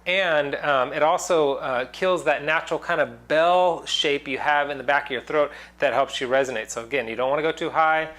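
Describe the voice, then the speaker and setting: A man's voice: on the high side, normal speed, few pauses, a bit bright. A man teaching singing in a casual online lesson, explaining loosely with many fillers and breaking into sung demonstrations.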